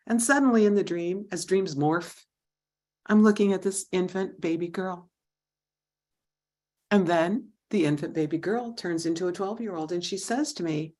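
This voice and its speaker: A woman in her thirties tells a personal story as a prepared club speech. Her voice sits fairly low, and she brings the people in her story to life with animated quoted lines. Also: unhurried, long pauses. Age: 30s. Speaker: Toastmasters speaker.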